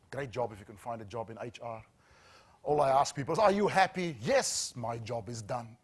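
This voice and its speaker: Middle-aged man, mid-range voice, trainer telling a story with earnest, hushed pauses. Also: medium pitch. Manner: earnest, dramatic pauses, dropping to a hush at key lines. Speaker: safety trainer.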